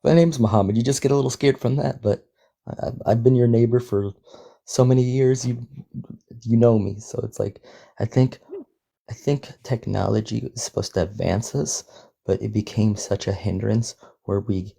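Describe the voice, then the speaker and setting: A man's voice: fairly low pitch, moderate pace, creaky, warm tone. A man speaking as a panelist in a casual discussion, earnest and conversational.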